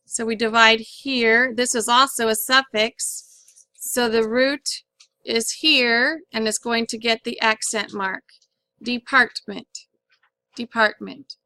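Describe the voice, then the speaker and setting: A woman's voice: fairly high pitch, steady tone, slow pace, bright, forceful tone, dry recording. A woman teaching a phonics lesson, patiently sounding out words syllable by syllable.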